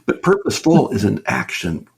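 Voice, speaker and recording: A man's voice: fairly low pitch, wildly swooping pitch, moderate pace, vocal fry, breathy edge. A middle-aged man speaking earnestly as a guest in a conversational interview, stressing his points and asking rhetorical questions. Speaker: business author and consultant, guest.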